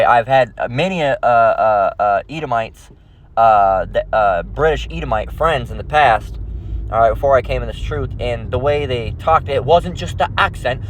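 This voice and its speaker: A man's voice: lowish voice, rough recording. Man teaching scripture, rambling. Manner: rambling, peppered with "all right" and "okay" check-ins. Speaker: religious teacher.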